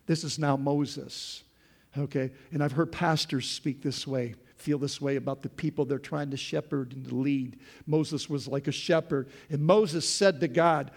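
A male pastor with a high voice delivers a sermon. He is impassioned and often rises in pitch and volume as he speaks. He keeps checking in with his listeners. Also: moderate pace, gravelly. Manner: impassioned, often raises voice when voicing prayers and quotes; addresses the congregation with "folks" and "okay?".

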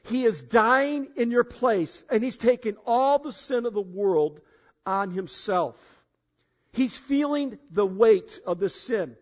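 A man preaching a sermon to a congregation, emphatic, swinging between loud declarations and quiet asides, asking for a show of hands. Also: high voice, expressive, slow pace. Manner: addresses congregation directly, asks for show of hands. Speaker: pastor. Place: church in front of a congregation. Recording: dull, lo-fi sound.

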